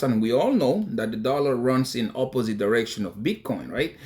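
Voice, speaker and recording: A man's voice: medium pitch, animated, brisk, few pauses, darkish tone. A man talking casually to his viewers, emphatic and chatty, often breaking into laughter. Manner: emphatic, addresses viewers directly. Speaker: crypto investing vlogger. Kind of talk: casual talk to camera.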